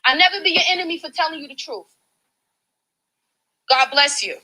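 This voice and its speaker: A woman's voice: high-pitched, moderate pace, pushed and bright, rough recording. A woman activist confronting campaign volunteers, passionate and pleading in a preachy way, filmed on a handheld phone. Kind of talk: heated street confrontation.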